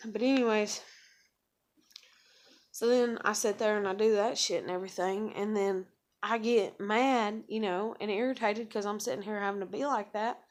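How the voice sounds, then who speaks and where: A woman's voice: medium pitch, steady tone, moderate pace. Profane ranting woman. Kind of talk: casual venting monologue.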